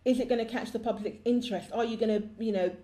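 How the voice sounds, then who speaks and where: A woman's voice: fairly high pitch, steady tone, fast, dark tone. A woman co-hosting a music review show in casual chat, enthusiastic and opinionated.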